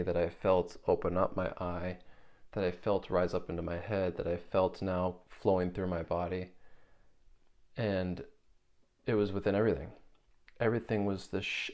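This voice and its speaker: A young man earnestly telling a personal spiritual story, halting and repeating words as he searches for how to describe it. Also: deep voice, a little mellow. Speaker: spiritual video creator.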